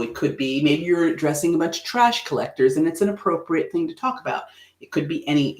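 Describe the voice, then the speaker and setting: A man hosting a livestream lesson on presenting. He talks in a playful, animated way and acts out expressions with quick asides. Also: mid-range voice, roomy sound.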